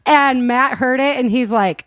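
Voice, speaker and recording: A woman hosts a relaxed interview with a slightly high voice. She is chatty and enthusiastic and laughs often. The recording is dry and close. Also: measured pace, no room sound. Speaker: host of audio drama show. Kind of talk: casual interview chat.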